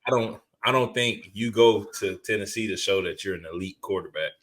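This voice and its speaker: A male podcast co-host riffs on football with slangy, profane trash talk. His voice sits on the lower side and keeps an easy, animated casual-chat tone. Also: brisk.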